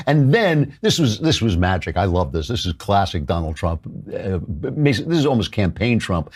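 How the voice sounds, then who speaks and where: A man's voice: on the low side, sing-song, measured pace, hardly any pauses, husky. A middle-aged male talk show host giving wry, amused political commentary and laughing often as he talks.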